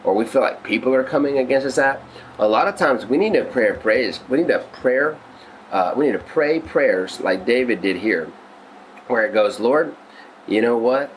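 A man's voice: mid-range voice, lively intonation, moderate pace, slight background noise, low-quality recording. A male pastor teaching on a devotional podcast, earnest and conversational, often restarting his sentences.

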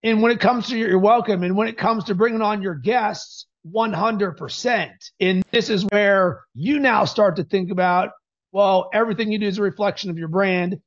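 A man hosting a podcast, coaching in an energetic, emphatic way. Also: sits high, moderate pace, highs cut off.

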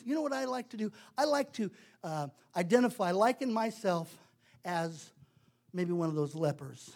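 A man's voice: high voice, expressive, moderate pace, gravelly, a little mellow. A male preacher delivering a sermon in a conversational, emphatic way, repeating words for stress.

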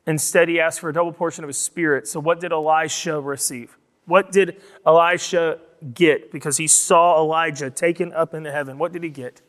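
A man preaching a sermon, retelling a story with acted quotes and building to loud, emphatic passages. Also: fairly high pitch, fairly even intonation, brisk. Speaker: pastor. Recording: long hall reverb.

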